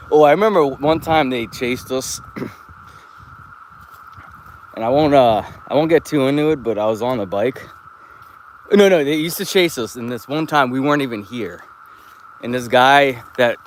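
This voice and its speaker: Thirties guy vlogging on foot outside, mid-pitched, loose chatty delivery full of curses, light outdoor noise behind. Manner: profane, chatty storytelling. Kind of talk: casual rambling walk-and-talk. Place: outdoors, walking around an open lot.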